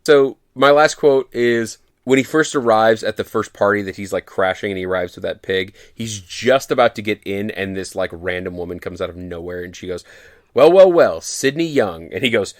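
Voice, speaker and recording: A man's voice: on the low side, steady tone, a little fast, hardly any pauses, dry recording, studio quality. A man co-hosting a podcast, chatting casually, joking crudely and laughing often. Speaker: podcast co-host. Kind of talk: casual chat.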